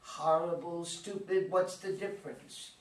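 A woman's voice: fairly low pitch, steady tone, a little slow, natural voice. A woman playing an insecure, hurt teenage girl. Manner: pleading, hurt and defensive. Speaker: actor in a community reader's theater. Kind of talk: staged play reading. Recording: roomy, distant mic with faint noise.

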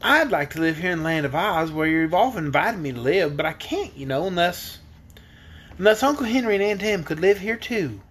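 A man's voice: sits high, expressive, brisk, a bit bright, breathy edge, full character voice. A man reading a storybook aloud, voicing an earnest young farm girl who talks in plain homespun words. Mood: eager.

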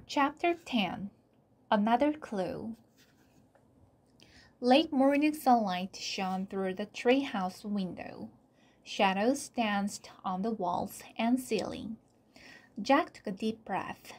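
Slow, soft storybook reader. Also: female voice, mid-range voice. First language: Korean. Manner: soft, often dropping to a whisper. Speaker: channel host reading aloud. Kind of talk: slow read-aloud storybook narration.

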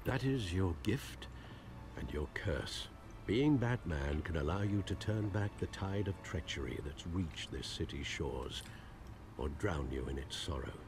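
An elderly butler in a video game who speaks low and with a lively lilt. He lectures in a measured, gentle, fatherly way. Steady noise sits under the game audio. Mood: concerned.

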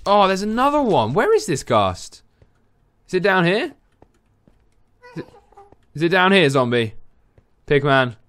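A young man giving casual, excitable let's-play commentary while playing, talking back to the game's creatures. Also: sits high, unhurried, long pauses, smooth. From England. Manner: excitable, jumpy, talks to game creatures. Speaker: gaming YouTuber.

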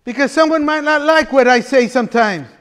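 A man's voice: extremely high pitch, brisk, fairly bright tone. A man preaching a conversational sermon as pastor, chatty and folksy, with frequent laughter and restarts. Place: church sanctuary. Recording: reverberant church hall.

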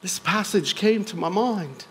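High-voiced American man telling his story. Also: animated, measured pace, fairly bright tone, slightly rough, rough recording. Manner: earnest storytelling with light self-deprecating humor. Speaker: guest speaker. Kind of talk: personal testimony talk.

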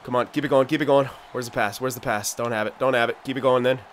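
A young man giving live commentary on his own video game, excitable and frustrated, swearing and shouting at his teammates. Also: medium pitch, fast, a little hiss or hum. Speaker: gaming video host.

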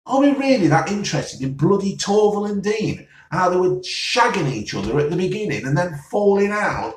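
Sarcastic man, mid-pitched, a grumbler with a sigh, recorded off-mic in an echoey room. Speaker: vlogger reviewing TV listings. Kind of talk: casual solo rant. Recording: roomy, mic at a distance.

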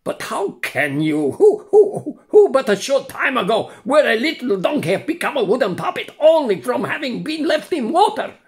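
Storybook casting: a greedy, blustering village buyer, played by an older man, raised and gravelly, quick to anger. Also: on the high side, huge pitch swings, pitched above the performer's own voice, exaggerated voice. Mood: indignant. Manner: blustering, indignant. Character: grasping middle-aged village buyer, easily angered. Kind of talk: storybook reading.

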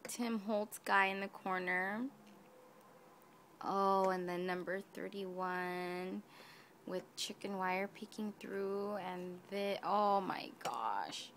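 A woman's voice: mid-range voice, slow pace, a bit bright, slight background noise. A woman unboxing craft gifts on her vlog, gushing and breathless, gasping and whispering in awe, hot and catching her breath. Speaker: vlogger opening a craft swap package.

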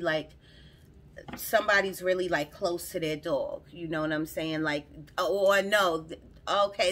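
A woman doing a chatty tarot reading, recorded on her phone. Her voice is bright and forward, and she talks to her viewers in a loose, rambling way, circling back and repeating her words as they come to her. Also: medium pitch. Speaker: tarot reader. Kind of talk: casual spoken tarot reading to camera.

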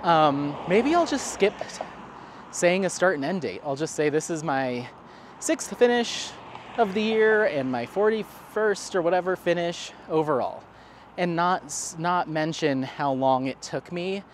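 A man's voice: fairly high pitch, expressive, measured pace, slight background noise. A man vlogging casually outdoors on a neighborhood dog walk, rambling and laughing at himself as he answers viewer comments. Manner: rambling, self-deprecating, laughs often. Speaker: crafting vlogger. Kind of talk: casual chat to camera.

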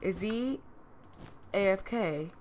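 A woman giving casual, excitable, self-deprecating commentary while playing a video game. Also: mid-range voice, slow pace, a little hiss or hum. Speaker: gameplay commentator.

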